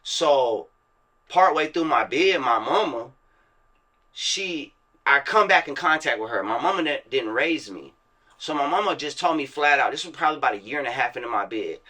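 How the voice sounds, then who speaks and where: A rapper from Virginia and Florida in the American South tells his story as an interview guest, using casual, profane street slang and acting out other people's words. His mid-range voice has lively intonation, a normal pace, and a sharp tone.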